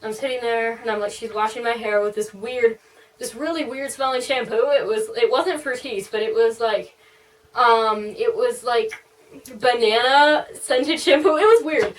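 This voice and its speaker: Young woman vlogger, slightly high voice, rambling storytime, sits a bit far from the mic. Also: moderate pace, slight background noise. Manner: rambling, full of "like" and "um". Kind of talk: casual storytime.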